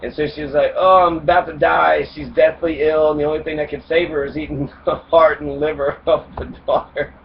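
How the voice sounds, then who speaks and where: A man's voice: a little high, flat delivery, fairly quick, few pauses. A man casually retelling a fairy tale for comedy, rambling, swearing and cracking jokes. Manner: profane, wisecracking, rambling with fillers. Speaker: podcast host retelling fairy tales. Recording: distant mic, dull lo-fi sound, faint noise.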